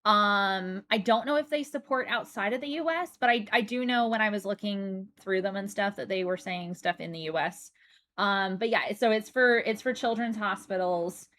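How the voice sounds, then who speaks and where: A woman's voice: mid-range voice, moderate pace, a bit bright. A woman livestreaming, chatting casually with her viewers, chatty and rambling with frequent fillers and restarts. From United States. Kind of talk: casual chat while reading chat.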